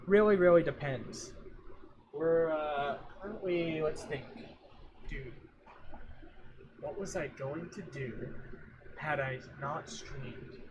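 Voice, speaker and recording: A young man on a livestream drifts from topic to topic, joking around and talking to himself and his viewers. He has a voice slightly higher than typical for a man. A fan hums faintly behind his home mic, adding background noise.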